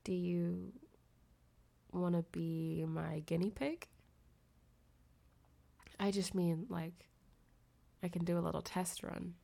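A young woman, sick and nasal with a fever, talking softly and intimately in a girlfriend phone-call role-play, often giggling and trailing off. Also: fairly low pitch, fairly even intonation, takes it slowly, creaky, long pauses. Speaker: audio creator.

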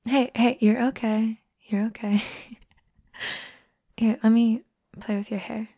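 Whispered role-play: a woman playing a teasing young friend, unhurried and a little gravelly. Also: on the high side, fairly even intonation, no room sound, studio quality. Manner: soft teasing whispers and giggles.

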